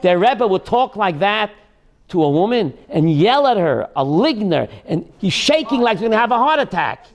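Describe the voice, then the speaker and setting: A rabbi hosting a call-in show tells a dramatic story in a high, emphatic voice. He repeats his key phrases again and again, with his pace surging and slowing. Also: animated. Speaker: rabbi and radio host.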